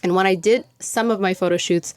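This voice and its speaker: A woman's voice: mid-range voice, fairly even intonation, brisk, clean tone. A young woman hosting her podcast in casual chat, talking chattily with lots of "like" and frequent laughs. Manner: chatty, filler-heavy with frequent "like"; laughs often while talking. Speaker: podcast host.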